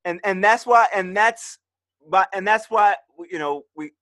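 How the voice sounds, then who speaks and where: A man's voice: high voice, a little slow, sharp tone. A man co-hosting a podcast, chiming in with emphatic, profane agreement and stumbling over his words when he gets worked up. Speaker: podcast co-host. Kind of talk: casual political chat.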